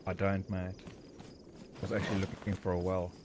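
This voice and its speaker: A man's voice: low-pitched, completely flat delivery, fairly quick, darkish tone, slight background noise. A man in in-game voice chat, laid-back and saying "mate" all the time. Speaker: fellow player.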